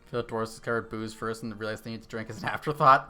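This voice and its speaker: A man talking his way through a live game stream, chatty and easygoing, mulling things over out loud and answering viewers' comments as they come in. His voice sits at an ordinary middle pitch for a man, picked up close on a desk microphone. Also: fast, few pauses. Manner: chatty, thinks aloud and reads chat. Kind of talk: casual live-stream chat while gaming.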